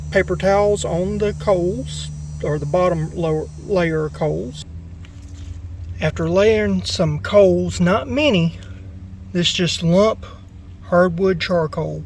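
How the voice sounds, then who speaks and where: A man with a Southern US accent, casually explaining a cook as he works, folksy and relaxed. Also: sits high, a little hiss or hum. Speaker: cooking vlogger. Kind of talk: casual cooking demonstration.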